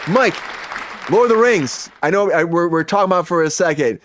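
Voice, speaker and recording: A man hosting a live comedy entertainment news show, hyping his co-host with playful teasing and shouted countdowns. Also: high-pitched, expressive, brisk, a faint crowd, a little hiss or hum.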